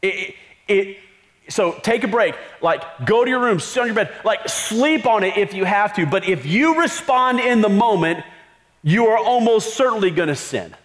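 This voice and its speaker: High-voiced pastor in a reverberant hall. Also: male voice, animated, normal speed. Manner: conversational, rhetorical questions, many "like" fillers. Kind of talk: sermon.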